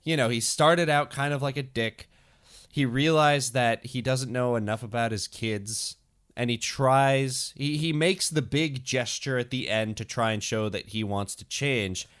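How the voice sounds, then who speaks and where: A man's voice: mid-range voice, a little slow, a bit bright, smooth. A young man co-hosting a casual podcast, talking through his thoughts in a rambling, hesitant way with many fillers. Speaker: podcast co-host.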